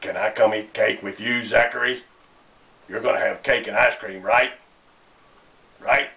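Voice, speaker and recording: A man's voice: on the low side, steady tone, a little slow, creaky, sharp tone, heavily acted. A man voicing a friendly, hungry male bear puppet who talks about cake. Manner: friendly, chatty about food.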